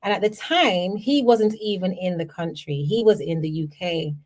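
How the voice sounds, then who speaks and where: A woman from Jamaica, a podcast host telling personal stories in an animated way, often checking in with the listener. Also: on the low side, normal speed. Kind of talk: personal storytelling.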